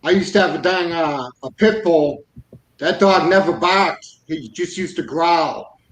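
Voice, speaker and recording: A man's voice: fairly high pitch, unhurried, fairly bright tone. A man telling folksy, emphatic stories in a casual group chat. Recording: roomy echo.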